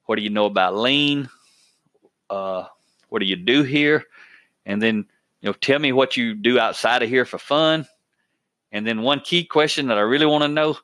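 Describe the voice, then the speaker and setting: A man's voice: medium pitch, a bit bright, no echo. Folksy guy on a podcast telling a story, plain talk, mid voice, dry close sound. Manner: plainspoken, folksy, repeats himself while storytelling. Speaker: podcast host.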